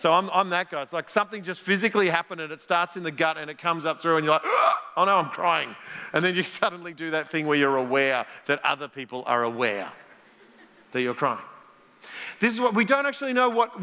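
A middle-aged man preaching with a bright, forceful edge and a slightly higher voice. He jokes and tosses questions at the congregation, and his words ring out through the long echo of a large church hall. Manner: playful, jokey, quizzes the congregation. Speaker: pastor. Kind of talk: conversational sermon.

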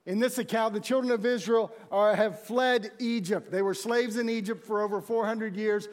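A man delivers a sermon in a chatty, animated way, slipping into the voices of the people in his story. His voice sits high for a man. It rings out with the long echo of a large hall. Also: moderate pace. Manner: conversational, animated storytelling with acted-out quotes. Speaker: pastor.

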